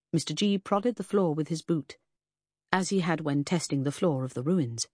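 A woman narrating a novel in a measured, even manner. Her voice is low and husky, and it is recorded close and dry with no room sound. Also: dry recording. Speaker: audiobook narrator. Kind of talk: scripted narration.

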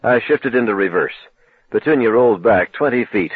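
Husky, low-voiced male reader for a first-person novel, measured and dramatic; tinny, dry, phone-like audio. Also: animated, no room sound. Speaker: audiobook narrator.

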